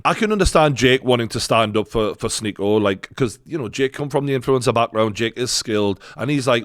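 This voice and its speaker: A man with a Geordie accent talks in a casual, blunt way and swears freely as he reacts to fight footage. His voice sits at a middling pitch. The recording is dry and close. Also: big pitch swings, fairly quick, few pauses, fairly bright tone, no echo. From north-east England. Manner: blunt, sweary, laughs often. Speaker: host reacting to fight clips.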